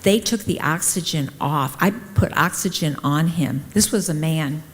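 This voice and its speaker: A middle-aged woman, a nurse, speaks at a conference in a slightly low voice, animatedly playing the people in her stories. Her words ring out with a long reverb from the large hall. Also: measured pace. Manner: lively, acts out quoted dialogue. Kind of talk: personal storytelling talk.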